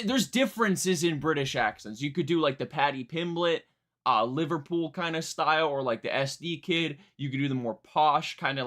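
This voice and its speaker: A man's voice: medium pitch, a bit bright. A young man streaming a live album reaction, chatting casually in a rambling, self-mocking way.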